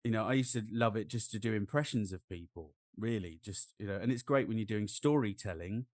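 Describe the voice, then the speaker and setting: An English man with a Norwich accent chats easily as a co-host. He rambles and restarts in a relaxed way. His voice is recorded close and dry, with no room sound. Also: lowish voice, a little fast, dry recording. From England. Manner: chatty, slips into other accents for quoted speech. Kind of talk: casual chat.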